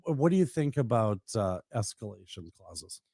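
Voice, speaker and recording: A Minnesota man co-hosting a real estate radio show, with a warm, mellow voice that has some gravel in it. He talks in an easygoing, agreeable way and often trails off. The studio sound is dry. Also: on the low side, very animated, moderate pace, no echo. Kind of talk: casual studio chat.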